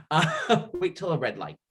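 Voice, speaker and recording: A man's voice: fairly high pitch, slow, slight background noise. A man in his thirties from the Niagara region, a guest telling his coming-out story in an interview, acting out what others said and often laughing. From Niagara region, Canada. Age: 30s. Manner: animated storyteller, acts out quoted voices, laughs often.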